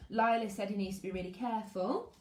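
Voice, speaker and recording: Talking fast in a mid-range voice, a primary school teacher holds a live-streamed class from her home's living room. She greets pupils by name, reads out comments, and chats in a lively way before reading aloud. The audio is echoey, with a little hiss or hum.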